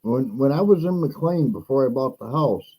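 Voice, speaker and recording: A man's voice: normal speed, husky, poor audio. A middle-aged man hosting a casual chat, telling a rambling story and acting out the other people's lines. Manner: animated, acts out quoted voices higher; rambling with restarts. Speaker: podcast host.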